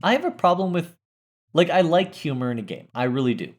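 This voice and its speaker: Brief: male podcast co-host, rambling casual chat, lively pitch. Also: fairly quick. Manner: rambling, self-correcting.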